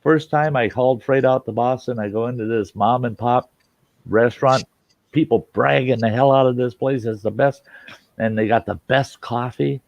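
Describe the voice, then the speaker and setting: A man's voice: mid-range voice, normal speed, no echo, dull audio. A man hosting a casual live stream, telling folksy road stories and acting out the people in them. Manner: folksy, animated quoting of people. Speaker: host.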